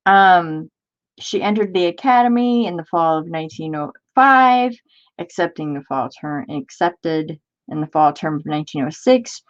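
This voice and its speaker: A woman's voice: lowish voice, lively intonation, normal speed, lo-fi sound. A woman hosting a crafting livestream, chatting casually and reading old-fashioned text aloud, stumbling over hard words and exclaiming in disbelief.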